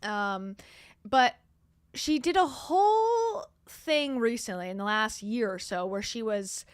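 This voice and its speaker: A woman's voice: fairly high pitch, animated, slow pace, clear, resonant tone, no echo, clean studio sound. A woman hosting a gossip commentary show, talking in a sarcastic, scoffing way. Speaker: commentary host.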